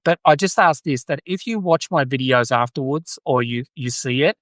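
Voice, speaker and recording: A man's voice: mid-range voice, moderate pace, fairly bright tone, dry recording. An Australian man hosting a casual live-stream chat, talking in an earnest, rambling way. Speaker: podcast host.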